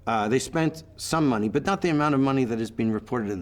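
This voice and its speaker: A man's voice: mid-range voice, fast. A middle-aged man, telling anecdotes in an interview in a chatty way, full of fillers. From Canada. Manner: chatty storyteller, many fillers. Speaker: actor being interviewed.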